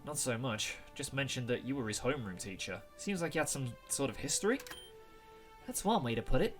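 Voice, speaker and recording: A playful young woman professor with a lively, bouncing voice, as a man puts her on. She is confident and teasing, her tone bright and forward. Faint game music plays behind. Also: medium pitch, brisk, close to an everyday voice. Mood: friendly.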